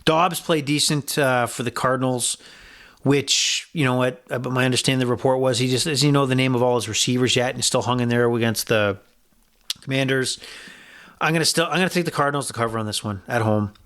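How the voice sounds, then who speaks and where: A man's voice: medium pitch, fairly quick, a bit bright. A man hosting a sports betting podcast, giving blunt, rambling picks with profanity and frequent restarts. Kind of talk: casual sports betting talk.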